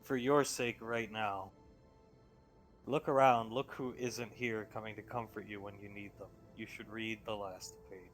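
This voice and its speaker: A man's voice: on the low side, fairly even intonation, measured pace, soft background music. A man running a tabletop game as game master, matter-of-fact and listing details.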